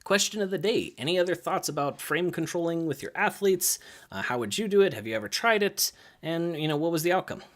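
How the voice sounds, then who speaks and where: A young adult man, a gymnastics coach, talking casually to the camera about coaching. He is lively, uses many fillers, and acts out kids' lines in higher voices. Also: a little fast.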